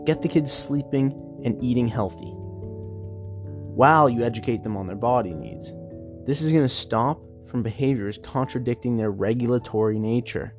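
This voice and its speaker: A man's voice: mid-range voice, moderate pace, faint music behind. A man hosting his own show, musing aloud in a rambling, self-interrupting way, recorded at work without a microphone. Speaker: podcast host. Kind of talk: casual solo musing. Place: workplace.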